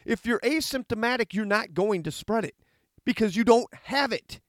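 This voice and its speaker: Man, high voice, sarcastic, argumentative, dry close recording. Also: lively intonation, moderate pace, a bit bright, no echo. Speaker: commentator reacting to a letter. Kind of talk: opinionated monologue, reading and rebutting.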